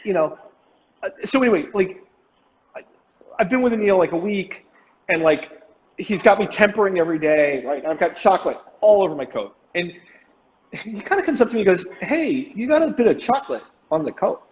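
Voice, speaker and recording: A man hosting a casual live-stream chat, talking in loose, rambling runs full of fillers and restarts. His voice sits a little high, and it comes through a dull, lo-fi video call with a long reverb tail and faint hiss. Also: lively intonation, a little fast, pauses often. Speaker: host.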